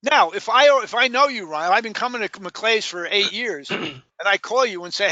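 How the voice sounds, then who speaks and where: A man leading a sales training session in a lively, emphatic way, repeating key points and questioning his trainees. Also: sits high, moderate pace, no echo, muffled recording.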